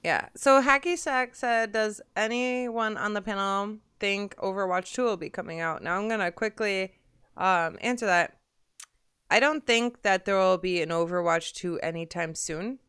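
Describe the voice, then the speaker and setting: A woman's voice: mid-range voice, normal speed, a bit bright, clear, resonant tone, no echo, studio quality. A woman hosting a casual gaming chat stream, chatty and rambling, laughing often. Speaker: podcast host.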